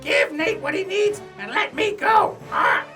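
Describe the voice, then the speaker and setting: A woman's voice: extremely high pitch, sing-song, a little slow, pushed and bright, heavily acted. A woman voicing a cheeky, squawking talking parrot in a video game that mocks its owner. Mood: mocking. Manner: squawking, mocking. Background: game music.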